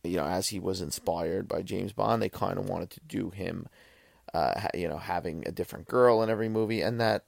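A man's voice: sits low, a little fast, gravelly, dry recording, clean studio sound. A man hosting a podcast, reviewing a film in a loose, rambling monologue full of swearing and restarts. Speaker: podcast host.

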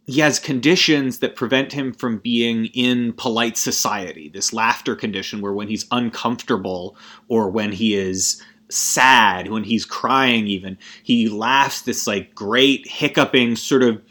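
A man's voice: mid-range voice, unhurried, bright, forceful tone. A young man in a casual movie rant, rambling and profane, constantly cutting himself off mid-sentence. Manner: rambling and profane, frequent self-interruptions.

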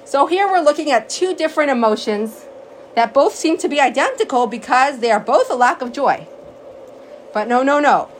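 Woman Torah teacher, slightly high voice, animated and storytelling, faint noise behind. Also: normal speed, rough recording. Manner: animated storyteller, acts out quotes. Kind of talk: lecture on a sacred text.

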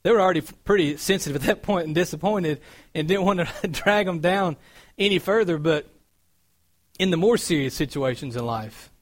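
A man delivers a sermon in a relaxed, conversational way. His voice sits a little high for a man. He slips into lively storytelling before turning earnest again. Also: brisk. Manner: conversational storytelling, animated when recounting. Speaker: preacher.

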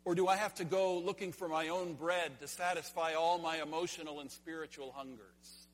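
A man delivers an earnest sermon, posing question after question and circling back on his key phrases. His voice sits a little high and carries a husky edge. A long reverb trails each line through the church sanctuary. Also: fairly even intonation, moderate pace. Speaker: pastor.

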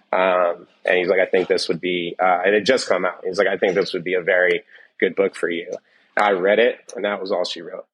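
A man's voice: low voice, fairly bright tone, slight background noise, poor audio. A man, a chef, telling his story in an interview, rambling with many fillers and quoted dialogue. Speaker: chef, guest.

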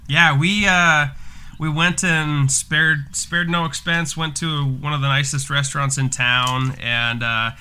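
A man in his thirties co-hosting a podcast, chatting casually and telling animated stories. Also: a little high, unhurried, smooth. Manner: animated storyteller, laughs while telling. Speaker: podcast co-host. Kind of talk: casual chat.

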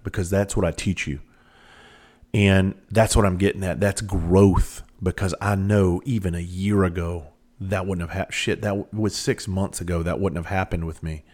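Very low male voice, casual storytelling, candid, swears a lot, rambling. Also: steady tone, normal speed, a little mellow.

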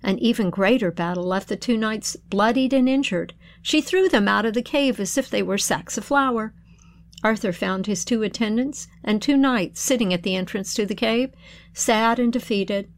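A woman's voice: on the high side, no room sound. Woman narrating an old folk tale. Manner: measured, expressive reading of a folk tale. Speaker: storyteller. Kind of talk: scripted storytelling narration.

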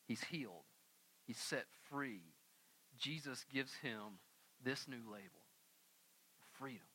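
A young man preaching a sermon, animated and casual, acting out scripture characters in everyday voices. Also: medium pitch. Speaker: pastor.

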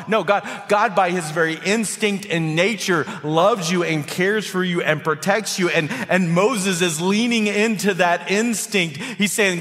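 A male pastor preaching a sermon with animated delivery, often repeating words as he builds his points. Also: a little high, measured pace, in a large hall.

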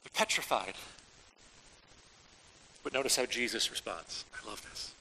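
A man preaching a sermon as a pastor, in a casual, animated way with everyday slang, a father of young children. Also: medium pitch, a little slow, big-room sound, slight background noise, low-quality recording. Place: church.

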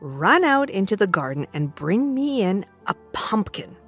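A woman voicing a kindly old female fairy godmother in a storybook tale, speaking in a high, coaxing voice. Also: very animated, measured pace, fairly bright tone, husky, faint music behind, exaggerated voice.

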